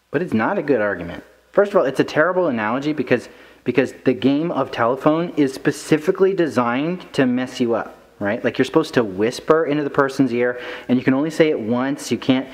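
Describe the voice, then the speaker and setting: Church youth teacher, male, mid-pitched, conversational and lively, playful with asides. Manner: conversational, asks "right?" often, acts out quotes. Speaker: children's ministry teacher. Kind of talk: casual teaching talk to kids.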